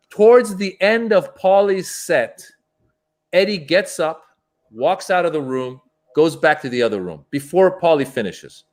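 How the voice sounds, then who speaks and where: A man's voice: on the high side, moderate pace. A man, a stand-up comedian, telling anecdotes in a casual interview and acting out voices as he goes. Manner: animated, acts out voices in his anecdotes.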